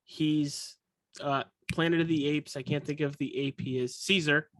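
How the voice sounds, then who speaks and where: A young podcast host talks in a loose, rambling way, often catching and correcting their own words and joking along. The voice sits at a middle pitch and is recorded close and dry, with almost no room sound. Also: fairly even intonation, moderate pace, a bit bright, no echo. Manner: rambling, self-correcting and jokey. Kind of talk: casual podcast chat.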